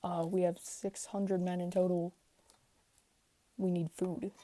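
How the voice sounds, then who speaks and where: A woman's voice: lowish voice, little pitch movement, slow, dark tone, slight background noise. A woman voicing a worried male first mate in a plain, casual delivery.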